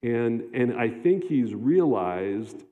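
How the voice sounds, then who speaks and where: A man preaching a sermon as a pastor, talking conversationally with halting restarts and fillers. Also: mid-range voice, animated, mellow. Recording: long hall reverb, dull lo-fi sound.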